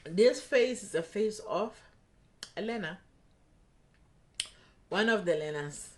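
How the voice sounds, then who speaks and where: A woman's voice: medium pitch, slow, a little hiss or hum. A young woman telling a personal story in a casual storytime vlog, acting out the dialogue as she goes. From South Africa. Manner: animated retelling, acting out quoted dialogue.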